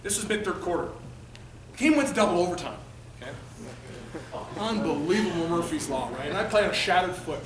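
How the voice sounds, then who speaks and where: A former athlete in his thirties speaks to a room of students, rushing through his story with quick, lively energy. His voice sits high for a man and carries through a roomy hall. The mic is set back from him, and a faint ambient hum sits under the talk. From Canada. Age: 30s. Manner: animated, acts out quoted voices. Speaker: motivational speaker. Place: high school gym or auditorium. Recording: echoey hall, mic at a distance.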